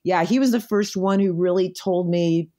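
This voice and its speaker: A middle-aged woman from the United States, a podcast guest, shares personal stories in a conversational interview. She speaks at a moderate pace in a lowish voice, and her storytelling is reflective, warm and earnest.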